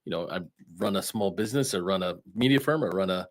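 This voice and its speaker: Low-voiced male interview host. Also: lively intonation. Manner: supportive, quick affirmations. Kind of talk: casual interview chat.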